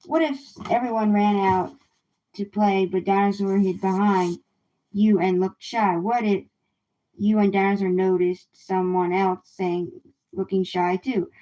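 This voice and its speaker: A woman reading a children's picture book aloud in a gentle, unhurried way on a livestream. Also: mid-range voice, flat delivery, lo-fi sound. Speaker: storybook reader. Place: home livestream.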